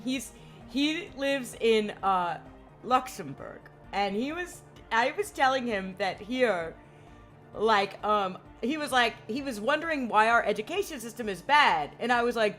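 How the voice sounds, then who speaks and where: A young woman gives casual gaming commentary in a loose, rambling way. She curses freely and fills her talk with "like" at a middling pitch. Faint game music plays behind her. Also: moderate pace, a bit bright. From United States. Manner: rambling, profane, lots of "like". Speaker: streamer.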